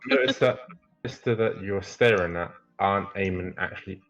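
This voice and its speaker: A man's voice: low voice, normal speed, fairly bright tone. A man narrating a tabletop game as dungeon master, hesitant and full of fillers. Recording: muffled lo-fi stream audio.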